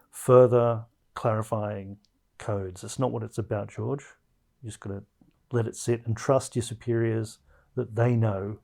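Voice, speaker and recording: Mellow-voiced man hosting a comedy podcast. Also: mid-range voice, creaky. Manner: wry, hesitant with many fillers. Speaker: podcast host. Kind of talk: casual comedic podcast chat.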